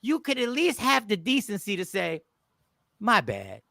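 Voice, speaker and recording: A man's voice: very high voice, moderate pace, creaky, dry recording, studio quality. A comedian hosting a casual live stream, greeting his viewers in slang and acting out both sides of a customer argument. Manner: animated, acts out both sides of customer exchanges.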